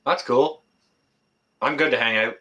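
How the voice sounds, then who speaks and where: A man co-hosting a stream, chatting in a relaxed way with loose fillers. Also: mid-range voice, unhurried, dull audio. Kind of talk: casual chat.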